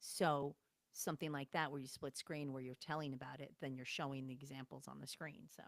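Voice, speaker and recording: A woman's voice: very deep voice, little pitch movement, a little fast, dry recording. A woman co-hosting a casual live stream, blunt and bossy, teasing and swearing freely. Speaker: co-host.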